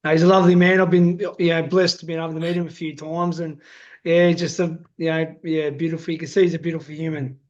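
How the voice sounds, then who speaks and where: High-voiced host, muffled audio. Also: male voice, little pitch movement, quick pace. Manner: warm, affirming, lots of "yeah" and "mate". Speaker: interview host. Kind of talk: casual interview. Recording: dull lo-fi audio.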